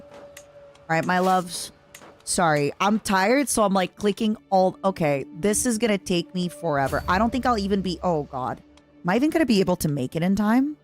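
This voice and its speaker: A woman's voice: mid-range voice, animated, normal speed. Woman streamer, casual game commentary, dramatic pleading, faint music behind. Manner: chatty, dramatic, talks to chat and the game. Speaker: VTuber streamer.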